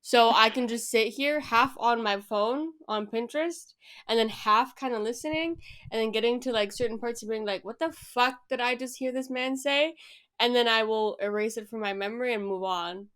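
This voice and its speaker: A woman co-hosting a podcast in casual chat. She is blunt and animated, swearing freely and throwing in quick asides, with a slightly high voice. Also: clear, resonant tone. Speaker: podcast co-host.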